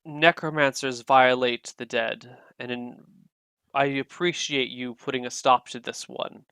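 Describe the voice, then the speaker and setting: A man voicing a stern, solemn goddess mother who speaks in grave, measured pronouncements. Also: medium pitch, fairly even intonation, bright, forceful tone, clean tone, no room sound.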